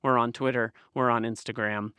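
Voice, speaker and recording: A man co-hosting a movie podcast in casual chat, joking and quick to tease. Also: mid-range voice, little pitch movement, bright, forceful tone, clear, resonant tone, dry recording. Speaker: podcast co-host and producer.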